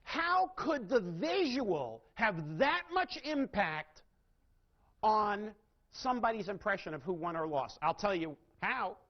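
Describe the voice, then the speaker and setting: A man's voice: sits high, very animated, takes it slowly. A man giving a live sales training lecture, asking his audience questions and changing his emphasis and pace. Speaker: seminar speaker. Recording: dull lo-fi recording.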